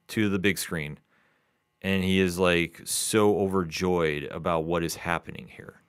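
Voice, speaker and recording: Deep-voiced man recapping a comic. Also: smooth, no room sound, clean studio sound. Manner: steady, recapping the story. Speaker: comic book podcast co-host. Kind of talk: casual review chat.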